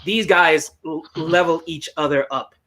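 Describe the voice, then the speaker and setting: High, bright-voiced male podcast host. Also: a little slow. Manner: animated, laughs often, joking. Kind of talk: casual chat over video call.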